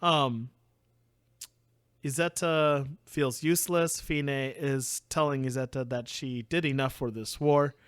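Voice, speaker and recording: A young man co-hosting a podcast, casually recapping an anime plot, laughing often and slipping into quick character voices. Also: mid-range voice, steady tone, clean tone, no room sound, studio quality. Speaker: podcast co-host.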